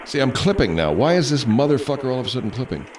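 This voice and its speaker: Man, podcast host, casual pre-show banter, rambling and profane, lively pitch. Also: fast, background noise. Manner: rambling, profane, sound-checking.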